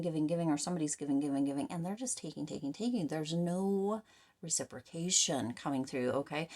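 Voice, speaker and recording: Woman, tarot reader, casual reading to camera, frank, rambling, lots of fillers, slightly low voice. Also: mellow.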